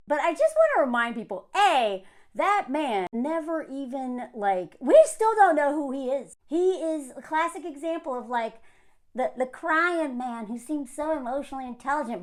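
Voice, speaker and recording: A woman giving an opinionated commentary rant to camera in a sarcastic, scornful way. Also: sits high. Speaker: commentary vlogger.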